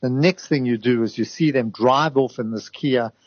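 A man, a radio guest talking in a measured, hesitant way with frequent ums. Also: medium pitch, husky, no echo. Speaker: guest commentator. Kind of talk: conversational radio interview. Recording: dry, dull lo-fi audio.

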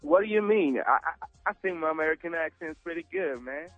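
A man's voice: fairly high pitch, expressive, brisk, over music. A male singer calling in to a radio show, easygoing and chatty. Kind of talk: phone interview. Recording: tinny phone line.

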